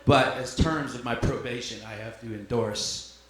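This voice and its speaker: A man's voice: medium pitch, steady tone, moderate pace. A man doing a stand-up comedy set, crude and bantering, with self-deprecating asides to his puppet. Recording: echoey club with crowd noise.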